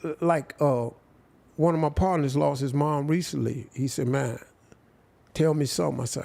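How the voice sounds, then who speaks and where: Gravelly older guy, aave, slow heartfelt storytelling, gets really quiet at the sad parts. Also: on the high side, steady tone. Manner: slow, heartfelt, drops to near silence at emotional points. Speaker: interview guest. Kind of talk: emotional storytelling.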